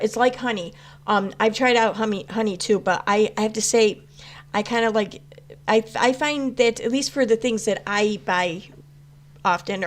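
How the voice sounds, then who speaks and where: A woman chatting casually on a live stream, answering chat with rambling talk full of fillers and restarts. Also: medium pitch. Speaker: YouTube commentary host answering live chat.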